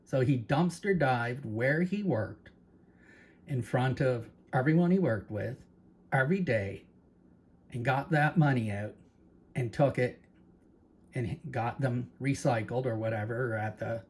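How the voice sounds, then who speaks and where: Man, Canadian accent, casual vlog talk, rambling asides, mid-pitched voice. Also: unhurried, long pauses, darkish tone, slightly rough. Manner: chatty, rambling, repeats words and asides to viewers. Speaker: channel host.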